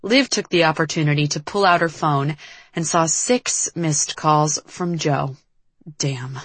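A woman narrating a novel as an audiobook reader in a measured, even storytelling manner. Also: low-pitched, no echo. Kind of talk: scripted narration.

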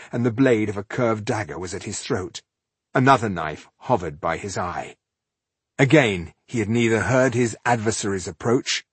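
A man narrating a fantasy audiobook in a steady, even storytelling manner. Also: lowish voice, husky, no room sound.

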